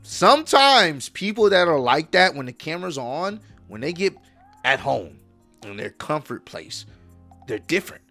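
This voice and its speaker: A man casually reacting to a video and chatting in a relaxed, slangy way. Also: fairly high pitch, a little slow. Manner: laid-back, chatty slang. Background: faint instrumental music.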